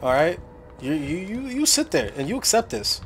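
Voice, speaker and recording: With faint music behind him, a young male gaming host plays through a horror game at a moderate pace. His high-pitched, slightly bright voice is very animated as he chats casually, jumping and exclaiming often.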